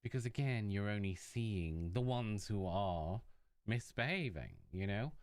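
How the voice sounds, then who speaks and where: A man's voice: fairly low pitch, expressive, unhurried, a little mellow, no echo, studio quality. A British man co-hosting a live podcast chat, telling stories casually and swearing freely. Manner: chatty storyteller, swears freely. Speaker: podcast co-host.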